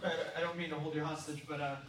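A man's voice: a little high, flat delivery, very fast, fairly bright tone. A man from Seattle in the audience, asking a question hesitantly with many fillers. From Seattle, USA. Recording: distant voice in an echoey hall with noise.

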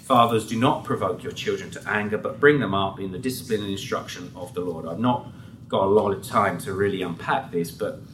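A man preaches with a fairly low voice in an earnest, conversational tone, often stopping to restart his sentences. The sound is picked up from a distance in a roomy hall, with a faint hum of background ambience. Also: a little fast, a bit bright. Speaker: pastor. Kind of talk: sermon.

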